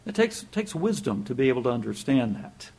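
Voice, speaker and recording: Husky-voiced man preaching a folksy sermon. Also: mid-range voice, very animated, brisk, a little mellow. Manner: conversational, tells jokes and chuckles, repeats words.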